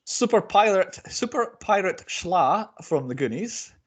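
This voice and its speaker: A man's voice: high voice, very animated. Joking male podcast host reading nominees. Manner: brisk, joking, listing nominees. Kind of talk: casual chat.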